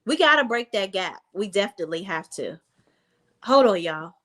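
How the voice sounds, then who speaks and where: A woman giving a casual, sassy recap of a reality TV episode, telling the story in lively slang. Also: medium pitch, normal speed. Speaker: recap vlogger.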